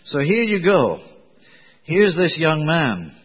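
A man preaching a sermon in a conversational, digressive way, with a slightly husky voice. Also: on the high side, very animated, slow. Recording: dull lo-fi recording in a reverberant hall.

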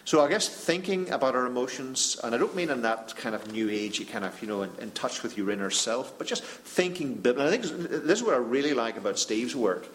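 A man moderating a panel discussion, reflective and earnest, often pausing and restarting. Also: medium pitch, very animated, a bit bright, slight background noise.

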